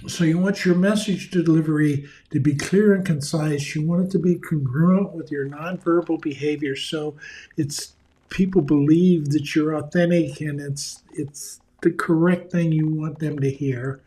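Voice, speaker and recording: A man's voice: fairly high pitch, steady tone, a little slow, dark tone. A man giving a conversational leadership seminar in a folksy manner, acting out the voices of the people he quotes. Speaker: leadership speaker.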